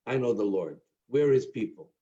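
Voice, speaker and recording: A man putting on a small, wise old man who answers calmly and knowingly. The voice is mellow and dark, and the recording sounds dull. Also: medium pitch, normal speed, natural voice. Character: little old hunchbacked Jewish man, calm and wise.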